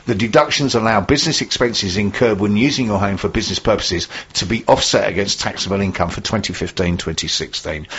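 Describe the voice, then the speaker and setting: A man hosting a business radio show, reading news items in a brisk, jokey way. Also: on the low side, fairly bright tone, breathy edge, highs cut off. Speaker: radio host.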